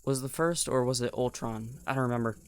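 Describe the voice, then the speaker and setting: A man's voice: mid-range voice, fairly quick, smooth. A young man co-hosting a podcast in casual chat, rambling and slangy, with a voice that keeps cracking. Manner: rambling, restarts, slangy, animated when incredulous. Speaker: podcast co-host.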